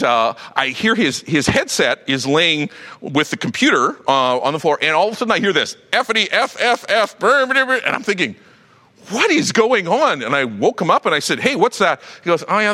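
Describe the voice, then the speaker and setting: In a large hall, a middle-aged male pastor delivers a sermon in a conversational, animated style, frequently restarting his sentences. His voice sits on the high side.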